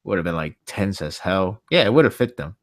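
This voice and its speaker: A man's voice: deep voice, very animated. Laughing man hosting a casual podcast. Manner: laughs often, quick tangents. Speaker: podcast host.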